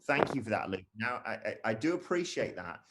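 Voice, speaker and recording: A man's voice: fairly low pitch, very animated, brisk, background noise. A young man co-hosting a live stream, casually reading viewer comments aloud with jokey asides.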